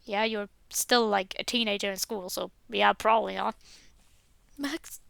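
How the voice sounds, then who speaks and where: A woman's voice: mid-range voice, flat delivery, moderate pace, gravelly, a bit bright, smooth, no echo. A woman reading a visual novel aloud in the first person, adding casual asides with filler words.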